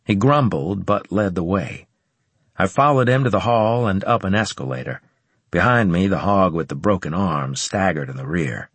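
A man narrating a first-person audiobook in a low, even, matter-of-fact way on a close studio mic. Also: normal speed, breathy edge, no room sound.

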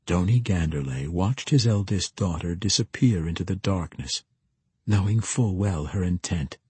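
A man narrating a fantasy audiobook in a steady, measured way. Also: low voice, husky, dry recording.

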